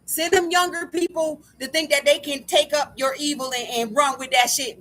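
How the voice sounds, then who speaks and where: Woman vlogger, high bright voice, furious profane rant that keeps circling back on itself. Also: steady tone, normal speed. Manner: angry, profane, keeps repeating "like I said". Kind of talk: ranting monologue to camera.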